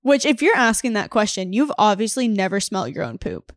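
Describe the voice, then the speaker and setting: A woman's voice: mid-range voice, sing-song, fairly quick, dry recording, studio quality. A woman with a Southern US accent co-hosting a podcast, explaining things bluntly in a jokey, casual chat. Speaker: podcast co-host.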